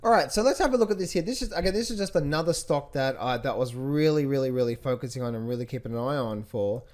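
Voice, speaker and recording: A man's voice: medium pitch, animated, fast, a little mellow. A man teaching trading from charts on screen, who keeps asking rhetorical questions and repeating his phrases. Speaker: trading coach. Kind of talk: screen-share chart walkthrough.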